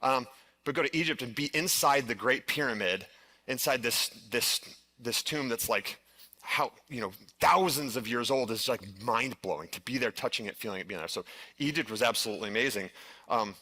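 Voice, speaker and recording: Bright-voiced man telling a story on stage. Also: mid-range voice, normal speed. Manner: earnest storytelling with frequent "like" and restarts. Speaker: conference speaker. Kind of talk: live stage presentation.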